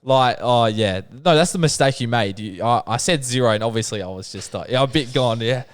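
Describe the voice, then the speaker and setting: A young man co-hosting a podcast, talking in halting bursts and giggling. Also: medium pitch, clean tone. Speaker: podcast co-host. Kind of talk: casual chat.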